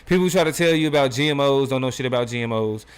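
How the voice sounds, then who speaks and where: Male co-host with an average-pitched voice, blunt and emphatic, hammering points home in a casual podcast chat. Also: rapid-fire, clear, resonant tone.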